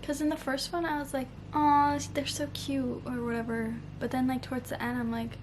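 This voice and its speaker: Young woman, book vlogger, animated and sweary, fairly high voice, faint background hiss. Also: fast. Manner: animated, swears often, says "like" a lot. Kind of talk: casual reading vlog.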